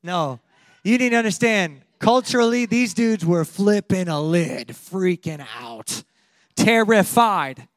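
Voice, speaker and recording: A man preaching a sermon, animated and laughing often, acting out quotes from the story as he goes. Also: high voice, slow, no room sound. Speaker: pastor.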